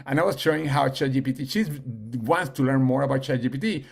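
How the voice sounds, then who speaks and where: A man giving a casual team training talk on a video call, halting, with many fillers and restarts. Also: mid-range voice, vocal fry. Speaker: team leader and coach.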